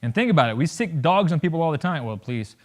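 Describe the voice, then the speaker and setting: A man in his thirties speaks to a college audience in an animated, jokey way. His voice is a touch higher than most men's, and he keeps slipping into quick acted-out voices to make his points. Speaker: guest speaker. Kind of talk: campus talk to an audience.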